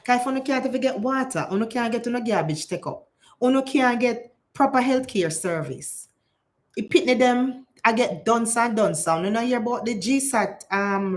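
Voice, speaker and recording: Jamaican woman ranting on her vlog, mid-pitched voice, flips between patois and proper english. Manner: impassioned, switches between patois and standard English. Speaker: political commentator. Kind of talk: casual vlog commentary.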